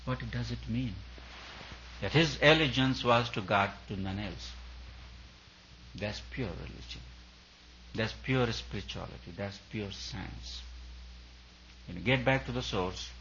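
A man's voice: lowish voice, a little slow, long pauses, fairly bright tone, slight background noise. A man preaching a sermon to a retreat audience as a spiritual teacher, speaking in emphatic, repetitive phrases. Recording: dull lo-fi recording.

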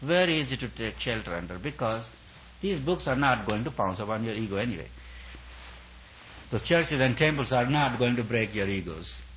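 A man's voice: mid-range voice, lively intonation, moderate pace, a bit bright, dull audio, a little hiss or hum. A man, a spiritual teacher, giving an earnest discourse at a retreat, building his points through repeated emphatic phrases.

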